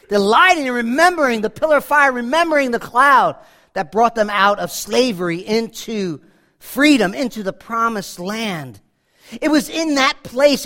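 A man preaching a sermon, animated, slowing down for quotations and often repeating and restarting his phrases. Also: extremely high pitch. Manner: animated, dramatic swings in volume, slows for quotations.

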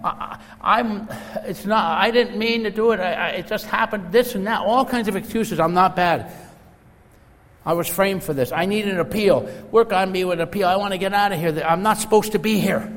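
A man's voice: high voice, moderate pace, pitched above the performer's own voice. A man voicing a whining male prison inmate who stammers out excuses and insists he was framed, in an echoey hall. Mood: pleading. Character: whiny male prison inmate pleading innocence. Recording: echoey hall, faint noise.

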